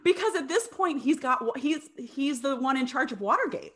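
A woman's voice: high voice, expressive, normal speed, a bit bright. A young adult woman casually telling a history story to a co-host, chatty, often laughing, with many fillers and restarts.

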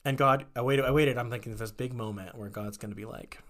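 A man's voice: mid-range voice, quick pace, a bit bright. A man, a guest in an interview, candidly telling personal stories in a conversational way, with many fillers and acted-out quotes.

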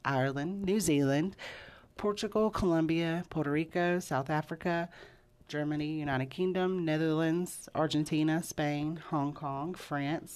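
A woman co-hosting a podcast in casual chat, chatty and laughing often, trailing off with fillers. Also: low-pitched. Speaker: podcast co-host.

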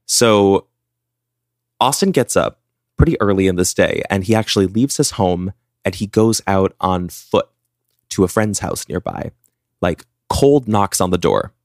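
A man's voice: low-pitched, measured pace, no echo, studio quality. A man co-hosting a podcast, retelling a true-crime case in a casual, chatty way with frequent "like" fillers. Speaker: podcast co-host.

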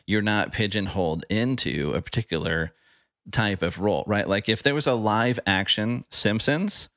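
A man with a fairly low voice hosts a podcast, rambling casually and asking "right?" as he talks. He sits close to a dry mic with no room sound. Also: normal speed, fairly bright tone, no echo. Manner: rambling, repeats words, says "right?". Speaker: podcast host.

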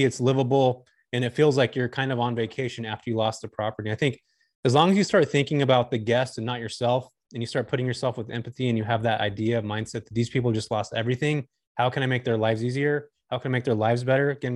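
A man's voice: medium pitch, no room sound, clean studio sound. A man talking candidly and enthusiastically as a guest on a casual podcast chat. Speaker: guest, short-term rental host.

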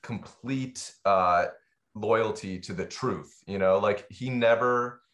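Low-voiced man musing with fillers. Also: slow pace, a bit bright. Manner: hesitant, filler-heavy, thoughtful. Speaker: film co-director. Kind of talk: casual interview chat.

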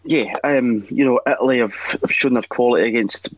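Man, measured football analysis, podcast co-host, dull lo-fi mic, dry sound. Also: mid-range voice, dry recording. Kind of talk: casual football chat.

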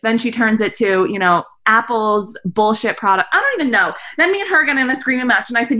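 A young woman co-hosting a podcast, with a bright, forceful tone. She tells stories animatedly and leaps into high voices for the quotes. Her talk is loose and casual. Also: fast, hardly any pauses. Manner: animated storytelling, acts out quotes with big pitch jumps. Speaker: podcast co-host. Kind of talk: casual chat.

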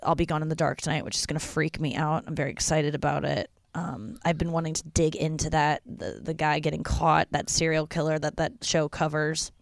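A woman's voice: deep voice, level tone, a little fast, gravelly, few pauses, no echo, studio quality. A young woman hosting a casual solo podcast from her porch at home, chatty and rambling, swearing freely. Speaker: podcast host.

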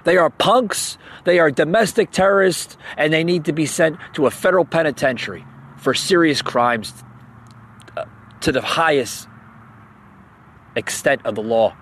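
A man's voice: fairly high pitch, normal speed, pauses often, fairly bright tone, slight background noise. Heated, stammering man ranting. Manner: agitated, repeats words and stammers, sarcastic. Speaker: podcast host. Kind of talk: heated political rant.

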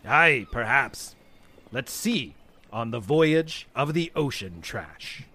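A man's voice: mid-range voice, animated, takes it slowly, bright, forceful tone, heavily acted. A man voicing a stern old pirate captain who growls his lines theatrically.

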